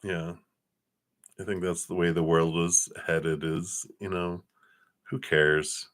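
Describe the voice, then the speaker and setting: A man giving a live-stream tarot reading. He talks in a relaxed way, laughs often and thanks viewers by name. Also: sits low, takes it slowly. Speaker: tarot card reader.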